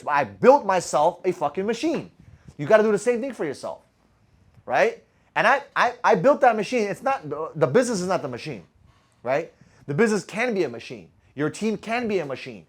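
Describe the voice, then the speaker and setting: High-pitched, fast-talking, foul-mouthed sales coach. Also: male voice. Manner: blunt and profane, firing rhetorical questions at the audience. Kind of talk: motivational talk to a live group.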